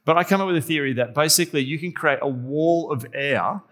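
A man's voice: a little high, a little fast, hardly any pauses, a bit bright. A male pastor delivering a sermon as humorous, self-deprecating anecdotal storytelling.

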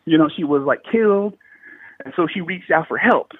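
High-voiced man swearing through a phone line. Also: moderate pace, slightly rough. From Bay Area, California. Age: 30s. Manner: heavy swearing, slangy and animated. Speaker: guest telling a paranormal story. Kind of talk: casual storytelling.

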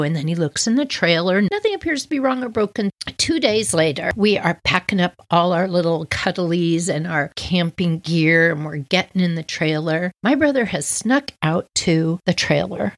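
A woman telling a childhood story for kids in an animated, playful way, acting out sounds. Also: fairly low pitch, normal speed, no room sound.

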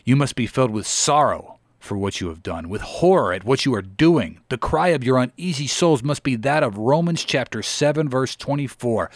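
A man delivers an old-style sermon in a solemn, measured cadence, rising into earnest pleas. His pitch sits in an ordinary middle register. The sound is dry and close, with no room around it. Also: sing-song, no room sound. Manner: earnest, measured preaching cadence with pleading exclamations. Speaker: reader of historical sermons.

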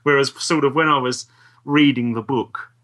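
A man co-hosting a podcast, chatting in a relaxed, rambling way. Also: mid-range voice, moderate pace. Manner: relaxed, agreeable, rambling sentences. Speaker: podcast co-host. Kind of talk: casual chat.

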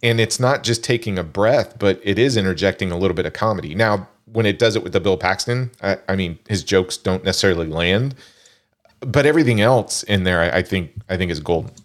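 A man casually discussing a film, animated and laughing often, with frequent restarts. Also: low-pitched, brisk.

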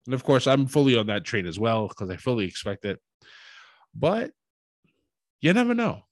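A man recapping a wrestling show in a casual, animated storytelling way, acting out what people said. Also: medium pitch, moderate pace, no echo. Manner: animated storytelling, acts out quotes.

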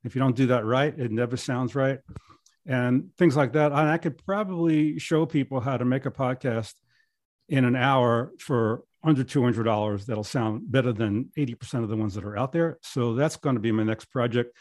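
A man's voice: mid-range voice, moderate pace, darkish tone, dry recording, studio quality. Middle-aged man telling stories casually. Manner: rambling anecdotes with many restarts. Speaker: podcast guest. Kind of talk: casual storytelling.

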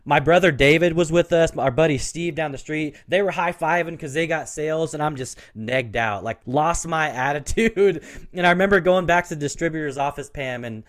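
A man's voice: on the high side, moderate pace, a bit bright. A man who is a guest on an interview show, telling stories casually and with energy. He laughs often and says "like" and "you know" a lot.

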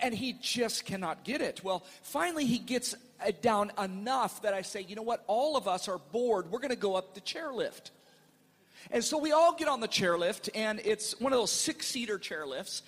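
A middle-aged male pastor telling a family story in a sermon, animated and playful, acting out the voices in his quotes. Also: high voice, in a large hall.

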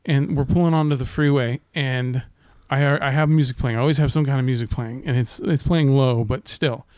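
A man's voice: medium pitch, fairly even intonation, brisk, darkish tone, clean tone, no room sound, clean studio sound. A man on a casual podcast, telling a long story, swearing a lot and acting out the voices of the people in it. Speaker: podcast co-host.

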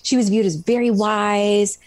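A woman's voice: medium pitch, steady tone, measured pace, darkish tone, dry recording. A woman author retelling stories from her book in a casual interview, with many ums and restarts. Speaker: author guest.

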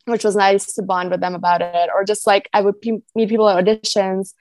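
A woman's voice: medium pitch, little pitch movement, a little fast, darkish tone, no echo. A young American woman, a podcast guest, chatting casually and often laughing and acting out what people said. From United States (Michigan). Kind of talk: casual interview chat.

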